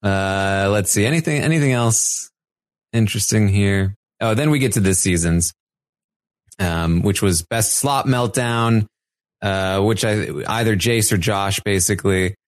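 A man with a low voice chats casually as a podcast co-host, relaxed and often pausing on fillers. The sound is dry and close, with no room around it. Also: no room sound. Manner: relaxed, hesitant with many fillers. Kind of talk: casual chat.

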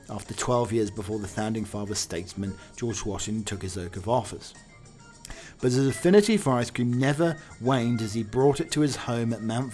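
A man's voice: fairly low pitch, darkish tone. A British man hosting a casual talk show, wry and chatty, with many fillers. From United Kingdom. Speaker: host. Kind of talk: casual chat.

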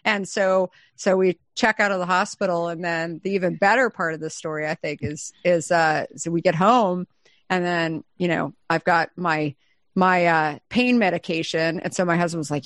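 A middle-aged woman, a company founder and interview guest, telling a story in a chatty, lively way, full of fillers and acted-out quotes. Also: on the low side, normal speed, no echo. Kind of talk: anecdotal storytelling in conversation.

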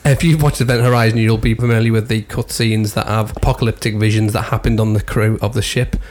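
A man's voice: lowish voice, fairly even intonation, quick pace, a little mellow. A man with a Northern English accent, co-hosting a podcast in casual chat, chatty and jokey, and sometimes he turns to address the listeners directly. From northern England. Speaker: podcast co-host.

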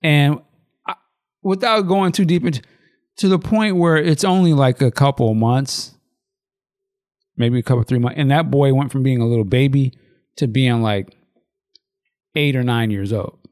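A man's voice: mid-range voice, normal speed, pauses often. A man on a casual podcast, retelling a movie in vivid, profane detail and acting out the quotes. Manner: animated, profane storytelling with acted-out quotes and laughs. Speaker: podcast co-host.

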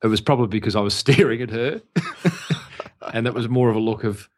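A man's voice: medium pitch, fairly quick. A man with an Australian accent, co-hosting a business podcast in casual chat, telling stories and laughing often. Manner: chatty storyteller, laughs often. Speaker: podcast co-host.

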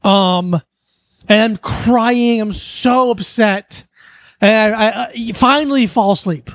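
A man's voice: sits high, slow, dry recording. Earnest rambling podcast guy from Florida. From South Florida. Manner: earnest, rambling with fillers and restarts. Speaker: podcast co-host. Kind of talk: casual chat, storytelling. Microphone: podcast studio mic. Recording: dry close studio sound.

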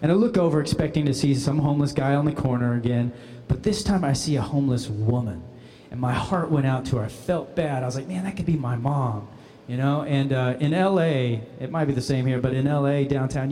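A man telling a funny personal anecdote, animated and often laughing as he speaks. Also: mid-range voice, brisk, a little hiss or hum. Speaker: guest storyteller. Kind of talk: comic anecdote.

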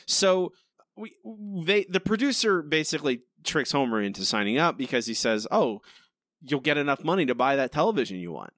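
A man's voice: mid-range voice, very animated, brisk, a bit bright, no room sound. Guy podcast host picking apart an episode, exasperated, dry sound. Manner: exasperated, rambling, questioning. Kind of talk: casual critical chat.

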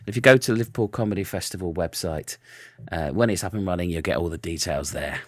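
A man's voice: deep voice, fast, dry recording, clean studio sound. A man hosting a podcast in casual chat, rambling with frequent restarts. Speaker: podcast host.

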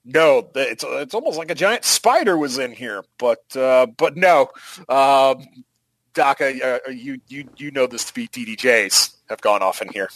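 A man's voice: mid-range voice, expressive, a little slow, fairly bright tone, no room sound, poor audio. A man running a tabletop game as game master, rambling and sarcastic, with casual swearing.

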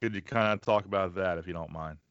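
A man hosting a podcast, easygoing and gently prompting his guest with questions. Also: deep voice, fast talker, smooth, no room sound. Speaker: podcast host. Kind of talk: interview questions. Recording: dry, dull lo-fi recording.

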